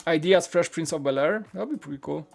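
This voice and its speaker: A man's voice: a little high, brisk, gravelly, faint music behind. A man hosting a toy-building live stream, chatting casually and candidly while answering viewer questions in a rambling way. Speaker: Lego channel host.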